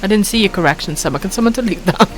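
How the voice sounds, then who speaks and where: A woman's voice: medium pitch, expressive, very fast, slight background noise. A Welsh woman in her thirties chatting casually on a late-night stream, swearing freely and calling viewers pet names. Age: 30s. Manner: foul-mouthed, affectionate, reads chat aloud, giggly.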